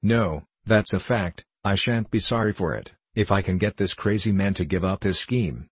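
A stubborn, skeptical gentleman hunter, as a narrator plays him, gruff and blunt as he brushes off every argument. The voice is low and husky, set close and dry for a storybook reading. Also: moderate pace, no room sound.

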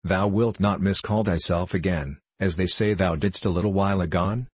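A man's voice: low voice, fairly even intonation, slightly rough, dry recording. A man voicing an aging, stern king who speaks tenderly in archaic courtly English. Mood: gentle, coaxing. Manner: archaic courtly speech, gentle and slow. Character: dread old king, stern yet tender.

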